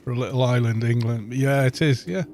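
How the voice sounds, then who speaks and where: A man's voice: medium pitch, brisk, a little mellow, slight background noise. A middle-aged Welsh man chatting casually and rambling as he streams a game, poking fun at himself. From Wales. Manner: self-mocking, rambling, chatty. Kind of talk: casual gameplay chat.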